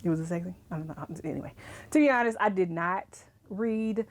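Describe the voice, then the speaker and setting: Animated young woman ranting casually. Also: fairly low pitch, fairly quick. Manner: animated, ranting, laughs often. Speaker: writing vlogger. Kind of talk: casual chat to camera.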